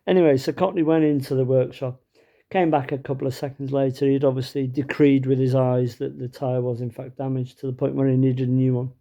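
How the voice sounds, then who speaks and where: A man's voice: mid-range voice, flat delivery, a little fast, mellow, highs cut off. A man telling a comic anecdote in a chatty, wry way, with lots of fillers and small restarts. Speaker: storyteller. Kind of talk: comic anecdote told to camera.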